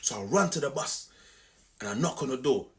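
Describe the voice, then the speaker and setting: Animated young man ranting. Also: mid-range voice, fairly quick. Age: young adult. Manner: animated, repetitive, conversational street slang. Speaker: vlogger. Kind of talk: storytime rant to camera.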